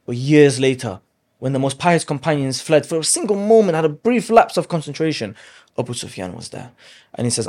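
A man as a guest speaker, telling a religious story in conversation with animated emphasis and Arabic phrases. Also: fairly high pitch, fairly quick.

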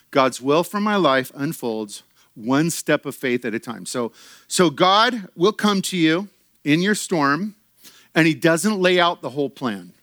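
Man preaching a sermon, kinda high voice, animated, laughs a lot, dry sound. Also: no room sound. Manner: animated, acts out quoted voices, laughs often. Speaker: pastor.

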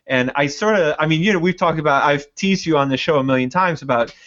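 A man's voice: on the high side, fast, fairly bright tone. Reflective man, dull lo-fi sound. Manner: reflective, searching for words. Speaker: podcast co-host. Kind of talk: casual movie review chat.

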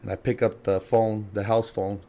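A man's voice: on the low side, little pitch movement, moderate pace, dark tone. A man telling a story as a podcast guest in casual chat, laughing and swearing as he acts out the people in it. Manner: laughing, profane, acts out quotes.

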